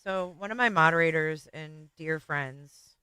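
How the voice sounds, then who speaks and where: A woman hosting a livestream and talking casually to her viewers, tearful, halting and often trailing off quietly. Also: sits low, clean tone, dry recording. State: tearful, voice breaking. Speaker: livestream host.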